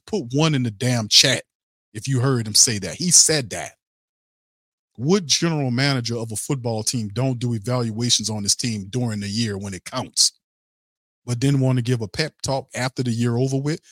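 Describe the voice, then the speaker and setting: A man's voice: medium pitch, fairly bright tone, no echo, studio quality. A man hosting a sports podcast, ranting in a blunt, heated and profane way to his live chat. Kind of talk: casual sports commentary rant.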